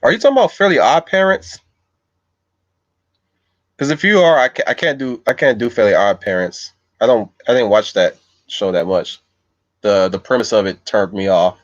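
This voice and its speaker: A man with a fairly low voice hosts a casual livestream and thinks aloud as he responds to his chat. He wanders from point to point in a loose, unscripted way. The sound is dry and a little dull, like a basic home mic. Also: normal speed, dry recording. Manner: loose, meandering, thinks aloud while answering viewers. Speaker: livestream host reading chat.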